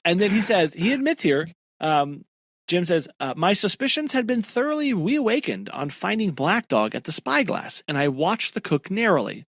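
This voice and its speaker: A man reading from a novel on a casual podcast in an easygoing, amused tone. His voice sits high and moves expressively. The sound is dry and close. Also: sing-song, moderate pace, a bit bright, no room sound. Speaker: podcast co-host. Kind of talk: casual chat, reading passages aloud.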